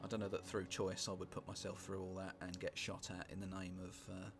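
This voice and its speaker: A British man talks through a strategy game in a relaxed, rambling way, musing aloud and dropping wry, sweary asides. His voice is low and gravelly. Music plays clearly beneath him throughout. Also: fairly quick. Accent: British English. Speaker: gameplay commentator. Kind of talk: casual let's-play commentary. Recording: music playing underneath.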